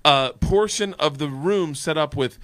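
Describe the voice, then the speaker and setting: A man telling a story in a casual podcast chat, animated and profane, acting out the people in it. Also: a little high, a little slow, no echo, clean studio sound.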